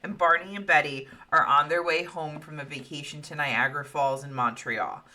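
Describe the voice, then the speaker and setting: A woman's voice: low-pitched, steady tone, moderate pace, sharp tone. A woman in her thirties hosting a podcast, telling a story in a chatty way with profane asides. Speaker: podcast host. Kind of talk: casual storytelling.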